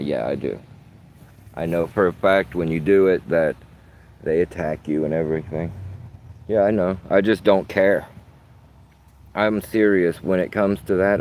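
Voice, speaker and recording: A man with a deep, low voice rambles to his phone camera outdoors, full of profanity and street slang. Faint traffic and ambient noise sit behind him. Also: a little mellow. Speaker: vlogger. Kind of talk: casual rambling monologue.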